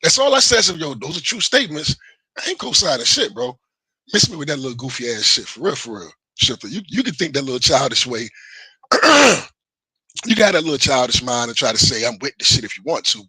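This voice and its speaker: A man's voice: medium pitch, sharp tone, breathy edge, no room sound, low-quality recording. Heated man ranting on a livestream. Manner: heated, defensive, profane, repeats himself. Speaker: livestream host. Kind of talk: casual livestream rant to chat.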